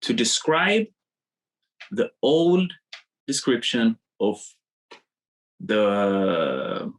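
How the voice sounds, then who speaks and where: A man coaching a live online webinar, animated and repetitive as he draws on screen, talking into a computer mic. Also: mid-range voice, very slow, rough recording. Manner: animated, repeats himself, drawing on screen.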